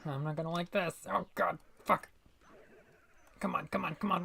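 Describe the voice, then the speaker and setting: Low-voiced young woman streaming a game. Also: steady tone, normal speed, creaky, long pauses, a bit bright, a little hiss or hum. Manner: playful, mutters to herself, swears. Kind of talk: casual gaming livestream commentary.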